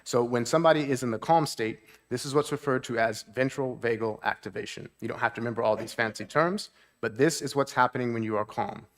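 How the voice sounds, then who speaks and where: A man's voice: medium pitch, a little fast, a bit bright. A man, a therapist, giving a talk at a church seminar. He explains things plainly, keeps checking in with the audience, and lifts his voice to act out moods.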